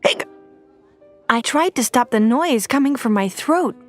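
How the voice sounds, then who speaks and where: Clear, steady woman reading a story. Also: a little high, moderate pace, soft background music. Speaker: audiobook reader. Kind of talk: graded-reader story narration.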